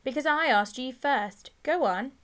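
Brief: a woman doing a blustering schoolboy bully, raised and bright, loud and pushy. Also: high voice, expressive, unhurried, pitched above the performer's own voice. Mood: bossy. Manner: bossy, defiant, blustering. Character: boastful thuggish schoolboy gang leader, bossy. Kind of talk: audiobook character voice.

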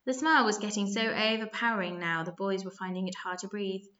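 A woman narrating a children's story aloud, lively and expressive, with small slips. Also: mid-range voice, a little fast, muffled recording.

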